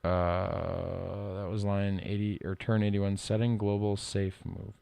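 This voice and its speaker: A middle-aged man streaming live code work, reading lines aloud and thinking out loud in a casual way. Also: sits low, level tone, slow, vocal fry, dry recording. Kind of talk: casual live-coding commentary.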